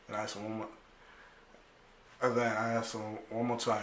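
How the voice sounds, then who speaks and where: A young man telling a story casually, animated and profane, full of slang, acting out other people's lines. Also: lowish voice, moderate pace, a little hiss or hum. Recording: echoey room.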